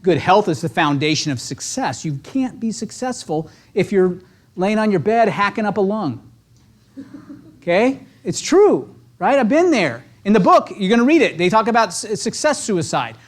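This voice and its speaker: Real estate agents hear an energetic motivational training talk from a man with a high-pitched voice, delivered at a moderate pace. He speaks in a punchy, conversational way, regularly tossing in "right?" to check in.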